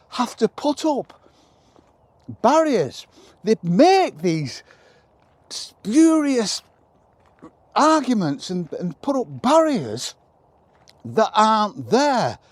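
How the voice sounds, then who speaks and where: High, lively man ranting to camera. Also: no echo. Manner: animated, emphatic, repeats himself, addresses the viewer directly. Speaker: vlogger. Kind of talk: impassioned opinion monologue.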